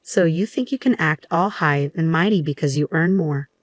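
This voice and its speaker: A woman's voice: sits low, moderate pace, no echo, studio quality. A woman voicing a selfish, complaining husband in a narrated story. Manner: petulant, dismissive.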